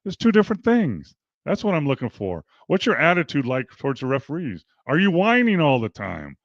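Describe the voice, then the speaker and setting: In a relaxed interview, this older basketball coach and ex-pro player animatedly performs quotes as he spins his stories. He sounds a little high and fairly quick, with no echo but a muffled quality.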